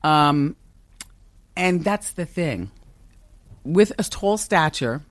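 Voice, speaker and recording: Brief: woman, 50s, big commanding voice on the lower side, animated and emphatic, dry close podcast sound. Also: very slow, dry recording. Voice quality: strong, commanding voice. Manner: animated, emphatic, laughs often. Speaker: talk show host as podcast guest. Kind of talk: candid interview conversation. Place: office with a kitchen upstairs.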